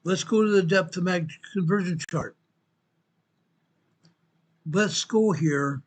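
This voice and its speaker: A man hosting a show, walking viewers through an earthquake map in a slow, emphatic way and repeating his points. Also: high-pitched. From United States. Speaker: show host presenting earthquake updates. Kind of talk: informal map walkthrough commentary.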